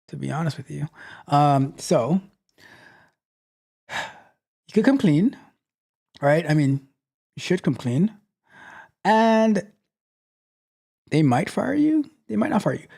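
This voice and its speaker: A man hosting a live tech question-and-answer show, giving advice in a lively, mock-scolding way and often repeating phrases. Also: a little high, takes it slowly, gravelly, pauses often. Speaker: host.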